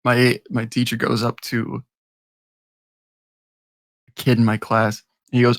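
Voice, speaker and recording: A man's voice: medium pitch, completely flat delivery, a little slow, pauses often, no echo. A young man co-hosting a podcast, telling crude stories in a rambling, laughing way. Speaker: podcast co-host. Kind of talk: casual chat.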